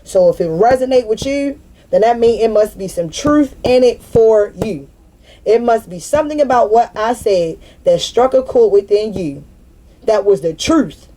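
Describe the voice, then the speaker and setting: A woman's voice: fairly high pitch, animated, normal speed, mellow. A woman in her thirties venting to camera in a spiritual vlog, blunt and profane, and she repeats herself for emphasis. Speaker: spiritual vlogger. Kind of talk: unscripted venting monologue.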